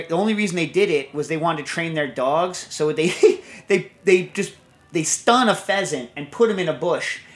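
A man's voice: a little high, fairly bright tone. A man hosting a podcast in casual chat, telling loose, rambling stories and answering listener questions. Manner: rambling, storytelling, loose and chatty. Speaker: podcast host.

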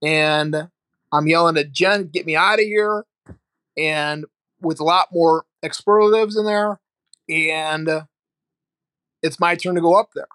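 A man's voice: fairly high pitch, slow, pauses often, smooth, no room sound. A middle-aged man from Ohio, a guest telling his story frankly and vividly, with some swearing. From Ohio, United States. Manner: candid, animated storyteller, swears freely. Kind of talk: casual storytelling interview.

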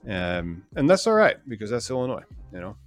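A man co-hosting a casual podcast chat, reading out news items with quick joking asides. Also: fairly low pitch, big pitch swings, soft background music. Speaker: podcast co-host.

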